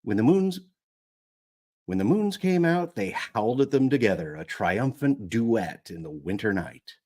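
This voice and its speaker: Low-voiced guy reading an audiobook live, really lively up and down, redoes lines when he trips. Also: measured pace. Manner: rereads lines after stumbles. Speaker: audiobook narrator.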